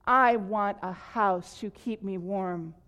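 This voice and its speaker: A woman's voice: mid-range voice, slow pace, sharp tone. A woman reading aloud and voicing a boy in a storybook who keeps asking for things, plain and matter-of-fact. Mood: wanting. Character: boy growing from child to tired old man.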